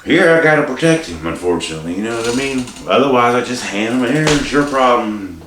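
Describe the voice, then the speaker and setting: A man's voice: mid-range voice, animated, fast. A man telling a story in a casual, rambling, profane way, with many restarts and asides. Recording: echoey room, distant mic, faint hiss.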